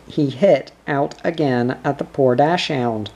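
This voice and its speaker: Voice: medium pitch, takes it slowly, a little mellow. A narrator reading a children's storybook aloud.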